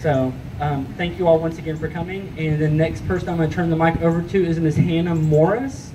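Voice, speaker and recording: An organizer at an outdoor rally thanks the crowd and warmly hands the mic to the next speaker. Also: mid-range voice, steady tone, brisk. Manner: warm, encouraging, informal. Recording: distant voice in a noisy space.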